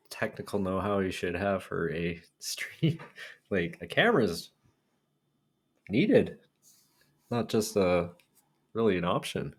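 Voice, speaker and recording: A man's voice: low voice, expressive, slow, pauses often, breathy edge. A man co-hosting a reaction video, easygoing and agreeable in casual chat. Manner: easygoing and agreeable, chuckles often.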